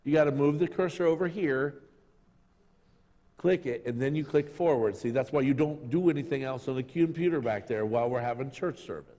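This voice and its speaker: A pastor delivers a lively, joking sermon in a church sanctuary, calling out to his congregation and asking for amens. His voice is mid-range and dark-toned, a little fast, and the service echoes with long hall reverb.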